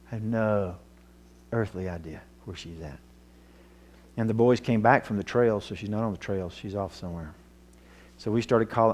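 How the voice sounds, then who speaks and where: A man telling a personal story in a sermon, earnest and emotional, his voice dropping low at the tense moments. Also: a little mellow. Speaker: Bible teacher.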